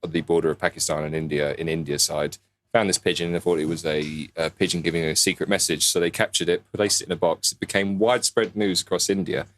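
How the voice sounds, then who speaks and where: Podcast co-host, very low voice, rambling through a story with fillers. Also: male voice, steady tone, fast talker, fairly bright tone. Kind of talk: casual chat, telling a news story.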